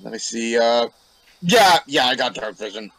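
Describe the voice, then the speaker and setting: A man's voice: medium pitch, expressive, normal speed, a bit bright, rough recording. A man playing in a tabletop game, hesitant and repeating himself. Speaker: player. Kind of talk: casual game chat.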